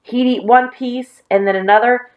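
A woman reading aloud, voicing an excitable, dramatic schoolboy with high, overacted sneezes. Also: normal speed, lo-fi sound, lightly acted. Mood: scheming.

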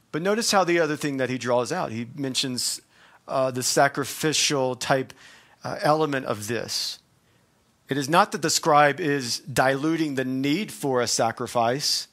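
A man preaching a sermon as pastor, talking conversationally with emphatic quotes from scripture and quick asides. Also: medium pitch, a bit bright. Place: church.

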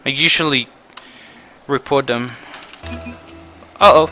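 A man giving frustrated live commentary over a car game, shouting outbursts and then muttering to himself. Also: mid-range voice, slow pace, soft background music. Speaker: gaming video creator.

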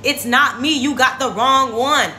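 A woman's voice: high voice, measured pace, sharp tone, soft background music. A reluctant old man frets and protests in a raised, reedy voice, as a woman puts him on. He sounds hesitant and a little whiny. The room has a noticeable echo. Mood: pleading doubt. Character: reluctant, doubting old man pleading with God. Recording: roomy echo.

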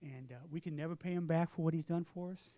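A man in his sixties preaching a sermon, telling a story with lively acted-out dialogue, then turning quiet and earnest for the lesson. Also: a little high, fast. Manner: animated storytelling, acts out both sides of a conversation.

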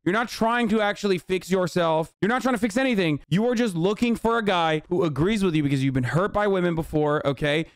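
A man's voice: high-pitched, fairly quick, hardly any pauses, clear, resonant tone, dry recording, studio quality. A young man streamer reacting to clips, talking bluntly and profanely in a ranting commentary. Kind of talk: casual commentary.

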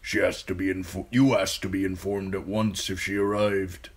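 A man voicing a quiet male servant who speaks in a slow, measured way. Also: low-pitched, level tone, husky. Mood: deferential.

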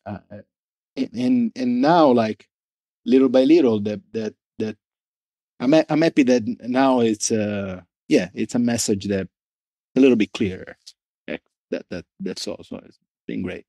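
A man being interviewed about the brand he founded, talking casually and haltingly, often restarting as he searches for words. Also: medium pitch, dark tone, dry recording. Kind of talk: casual conversation.

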